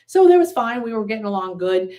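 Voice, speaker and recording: Speaking quickly and very animatedly, a woman with a slightly high, dark voice hosts a live online spiritual class. She tells rambling stories with frequent fillers and restarts and reads out viewer comments to answer them, all from a screen-sharing computer setup.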